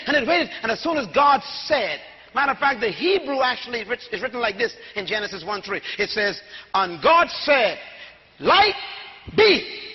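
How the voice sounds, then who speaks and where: A man preaching a sermon to a congregation, shouting and leading call-and-response. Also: very high-pitched, dull audio, noisy background. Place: church before a congregation.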